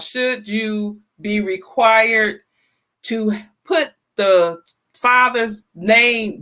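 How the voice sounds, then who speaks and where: A woman in her fifties hosting a casual livestream, chatty and lively, greeting viewers by name and often repeating herself in colloquial phrasing. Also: medium pitch. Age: 50s. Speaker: livestream talk show host. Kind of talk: casual livestream chat, reading viewer comments.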